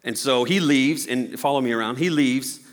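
A man's voice: medium pitch, moderate pace, big-room sound. A man preaching a sermon as a pastor, telling a story with playful acted-out voices.

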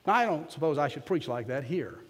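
A man's voice: on the high side, animated, brisk, breathy edge, long reverb tail. A man preaching as a pastor, telling a story in a folksy, self-deprecating way. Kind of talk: storytelling sermon.

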